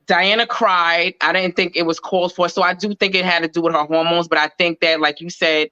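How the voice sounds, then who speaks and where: A woman co-hosting a casual reality TV recap, talking in a relaxed way with lots of filler words. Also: fairly low pitch, fairly quick, no room sound, muffled recording. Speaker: podcast co-host.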